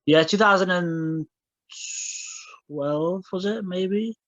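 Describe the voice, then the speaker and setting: A man co-hosts a podcast in casual chat, rambling with many fillers and restarts. He has a high, somewhat bright voice and a slow pace, and the recording is dry, dull lo-fi podcast audio.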